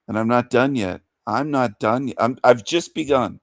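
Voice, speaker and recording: A man's voice: mid-range voice, moderate pace, hardly any pauses, no room sound, clean studio sound. A man hosting a livestream rant in a mocking, taunting manner, chuckling between insults. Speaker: livestream host.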